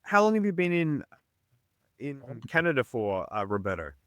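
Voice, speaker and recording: A man's voice: mid-range voice, big pitch swings, moderate pace, a bit bright, no echo, clean studio sound. A man, a podcast guest chatting casually with an enthusiastic, reflective manner. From Australia. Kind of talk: casual chat.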